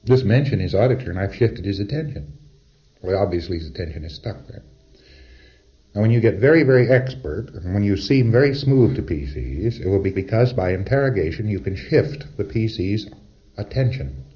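A man's voice: on the low side, animated, moderate pace, dull audio. A man giving a conversational, wry lecture to trainees, acting out short exchanges as he goes.

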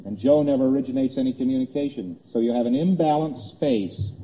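A man's voice: mid-range voice, fairly quick, a little hiss or hum. A man giving a conversational lecture, walking through graphs on a board and acting out small exchanges. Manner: conversational, repeats points, acts out little exchanges. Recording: tinny old tape in a reverberant hall.

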